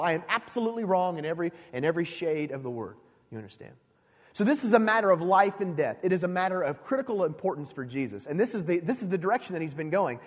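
A man with a fairly high, lively voice preaches a sermon, pressing his point with repeated questions to the congregation. He restarts and doubles his phrases as he goes, and his words ring out with a long reverb in a church hall.

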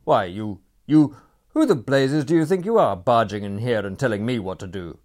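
A man's voice: mid-range voice, lively intonation, moderate pace, voice pushed up, natural voice. A man voicing a bad-tempered young aristocrat who snaps and barks orders, in a storybook reading. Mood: furious. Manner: snapping, loud and irritable.

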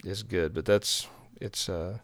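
A man's voice: sits low, steady tone, slow, vocal fry, a bit bright, no room sound. A man from Texas, a pastor, chatting casually and telling rambling, self-deprecating stories. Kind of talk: casual chat.

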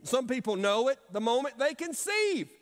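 A middle-aged man preaching a sermon as pastor, with dramatic pauses and emphatic repetition. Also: very high-pitched, very animated. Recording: long hall reverb.

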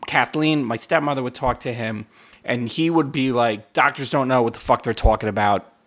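Profane, animated middle-aged male storyteller. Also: normal speed. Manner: animated, profane, swings from low mutter to high exclaiming; lots of filler words and restarts. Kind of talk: casual storytelling chat.

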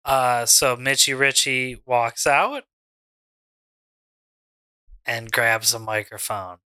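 A man running a tabletop game, narrating and chatting with lively asides. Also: mid-range voice, slow, clean tone, dry recording, clean studio sound. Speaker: game master.

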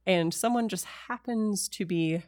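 A woman narrating as game master of a tabletop game, describing scenes in a relaxed way with many pauses and fillers. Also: medium pitch, dry recording, clean studio sound.

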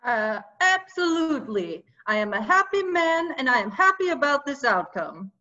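A woman's voice: high-pitched, big pitch swings, moderate pace, sharp tone, lo-fi sound, exaggerated voice. A woman doing a dopey, earnest Luigi. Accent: put-on thick Italian. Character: cheerful, dopey Luigi, grown man. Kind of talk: improvised comedy podcast.

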